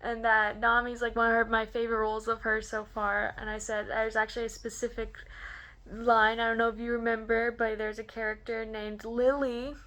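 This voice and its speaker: A young woman tells a story straight to camera in a casual vlog. Her voice is bright, with a sharp edge, and sits somewhat high. She gushes excitedly and leans on "like" as a filler. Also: normal speed. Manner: gushing, excitable, lots of "like" fillers. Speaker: vlogger.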